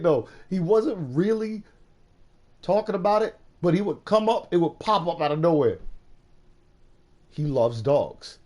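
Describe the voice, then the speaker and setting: Mellow-voiced animated male streamer. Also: medium pitch. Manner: animated, profane, swings from quiet to loud; laughs often while talking. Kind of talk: casual chat.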